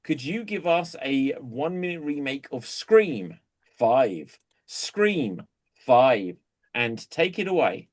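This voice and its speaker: A man hosting improv comedy games, brisk and chatty, laughing often between fillers. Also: medium pitch, big pitch swings. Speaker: host.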